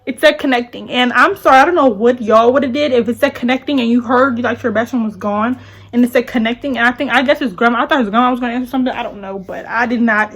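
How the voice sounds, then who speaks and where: A young woman rambles through a casual storytime, emotional and often repeating herself. Her voice sits a little higher than most. She talks close to the camera mic. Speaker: vlogger.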